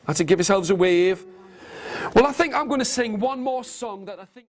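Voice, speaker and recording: A man telling an interactive story to nursery children in a classroom, animated and coaxing, getting them to copy his gestures. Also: high-pitched, normal speed. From England. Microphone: video camera. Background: guitar.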